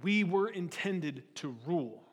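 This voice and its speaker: Animated man preaching in a reverberant hall. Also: high voice, a little slow, slightly rough. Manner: animated preaching, rhetorical questions to the congregation. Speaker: pastor. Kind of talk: sermon.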